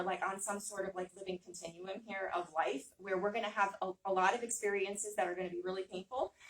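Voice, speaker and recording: A woman's voice: medium pitch, a bit bright. A woman giving a casual talk to a small audience, chatty, with many fillers and frequent "right?". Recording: voice from some distance.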